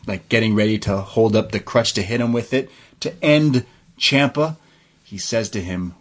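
A young man co-hosting a podcast, recapping a wrestling show in a casual, excited way, swearing freely and laughing often. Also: fairly low pitch. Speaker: podcast co-host.

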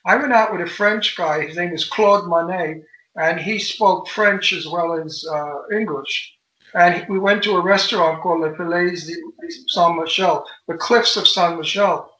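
An older man chats as an interview guest, spinning bawdy stories with animated relish. His voice sits high and sounds sharply bright. The call carries a roomy echo around him. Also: moderate pace. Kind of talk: casual interview chat. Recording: echoey room.

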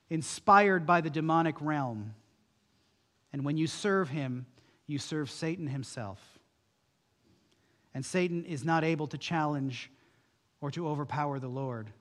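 Male pastor with a raised pitch, preaching with firm emphasis; long reverb tail behind him. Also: a little slow, pauses often, a bit bright. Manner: emphatic preaching with rhetorical questions. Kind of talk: sermon.

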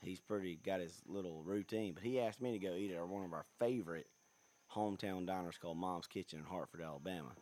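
A man's voice: sits low, quick pace, a little mellow. A man, chatting casually and rambling as a podcast co-host, laughing often. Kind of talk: casual chat.

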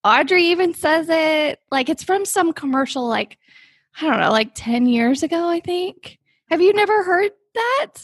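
A woman's voice: very high-pitched, animated, normal speed, dry recording, clean studio sound. A woman co-hosting a podcast in bubbly, gushing casual chat, full of "like". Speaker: podcast co-host.

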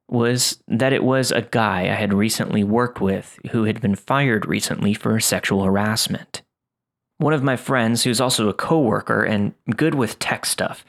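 A man reading first-person horror stories aloud in a steady, scripted narration. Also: fairly low pitch.

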